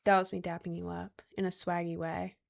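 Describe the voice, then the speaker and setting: A woman's voice: fairly low pitch, little pitch movement, fairly quick, creaky. A young woman streaming and reading her chat, giggly and rambling, full of slang and self-conscious asides. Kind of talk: casual live-stream chat.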